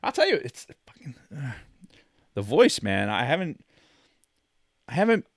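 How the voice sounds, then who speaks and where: A man's voice: medium pitch, huge pitch swings, measured pace, no echo, clean studio sound. A man co-hosting a podcast with a tired, strained voice, chatting in a laid-back way and swearing freely. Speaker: podcast co-host. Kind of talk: casual podcast chat.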